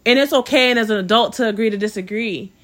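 A woman's voice: a little high, quick pace. A young adult woman hosting a podcast, telling a dating story in a casual, slangy way and laughing often. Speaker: podcast host.

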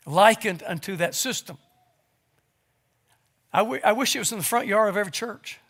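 A male pastor preaches in a church, his voice sitting high for a man and ringing with a bright, forceful edge. He stumbles over repeated starts and drives his points home with one rhetorical question after another. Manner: fervent preaching with rhetorical questions and stammered restarts. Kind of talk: sermon. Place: church sanctuary.

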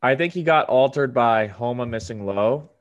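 An easygoing man co-hosting a casual sports podcast. His voice sits at a middle pitch, and he drags out his retelling, building each beat. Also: normal speed, highs cut off. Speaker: podcast co-host. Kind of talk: casual chat.

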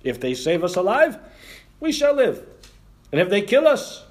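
Guy doing desperate starving outcasts, way up high, pleading and loud. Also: wildly swooping pitch, unhurried, full character voice. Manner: pleading, dramatic, pitched-up lament.

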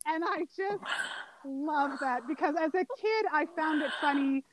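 A woman's voice: high voice, measured pace, background noise. A woman in casual chat, enthusiastically retelling favorite movie scenes with frequent giggles.

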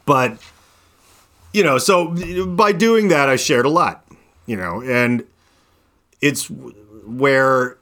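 A man in his thirties talking casually as a podcast host, rambling and animated, with lots of fillers. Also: medium pitch, slow, long pauses. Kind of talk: casual chat.

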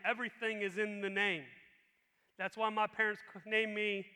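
Animated preaching man in a reverberant hall. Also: high voice, normal speed, clean tone. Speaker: pastor. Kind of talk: sermon. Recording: long reverb in a large hall.

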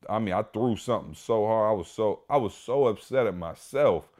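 A man hosting a podcast, telling a story in a casual, animated way, emphatic and full of "like" and "y'all". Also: fairly low pitch, normal speed. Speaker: podcast host.

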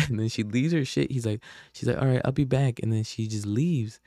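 A man's voice: medium pitch, moderate pace, mellow, no room sound, clean studio sound. A young man from Oakland, hosting a podcast and telling a rambling, profane story full of slang and fillers. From Oakland, California. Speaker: podcast host. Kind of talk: casual storytelling.

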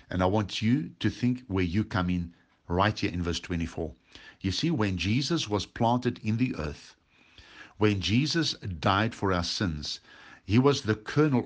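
A man with a lowish voice preaches a Bible study. He reads scripture aloud and explains it, leaning on key words with slow, deliberate emphasis. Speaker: pastor.

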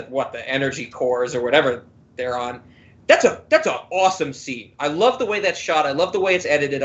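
A man's voice: a little high, dull audio. A man co-hosting a casual podcast who agrees readily and laughs easily. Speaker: podcast co-host.

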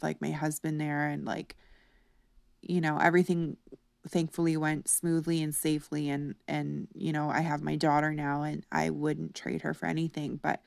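A young woman with a low, gravelly voice tells a personal story on her podcast. She talks slowly and candidly, with lots of fillers. The sound is close and dry. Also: darkish tone, no echo. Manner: candid, chatty, many fillers. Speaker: podcast host.

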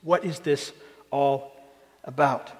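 A man preaching a sermon as a pastor, earnest and plain-spoken, rising in pitch when he presses a point. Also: slow pace. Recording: long hall reverb.

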